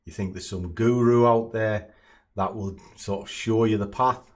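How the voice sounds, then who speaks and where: A man's voice: on the low side, fairly even intonation, unhurried. A man giving a blunt, no-nonsense motivational monologue as a trading coach.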